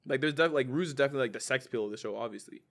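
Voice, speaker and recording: A young man co-hosts a podcast in easygoing chat, his voice at an ordinary middle pitch. He talks in a laid-back, slangy way. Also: rapid-fire, gravelly, fairly bright tone. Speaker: podcast co-host. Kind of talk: casual chat.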